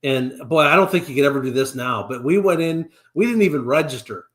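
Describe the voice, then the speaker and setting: Upbeat man telling lively stories. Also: a little high, a little fast. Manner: animated anecdotes with chuckles. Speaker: co-host of a real estate live stream. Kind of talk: casual storytelling chat.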